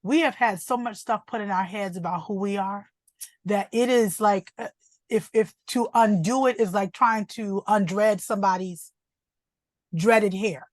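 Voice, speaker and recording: A woman's voice: mid-range voice, measured pace, a little mellow, dry recording, clean studio sound. A woman giving emotional, fervent testimony in a faith group question-and-answer session. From United States. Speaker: group member.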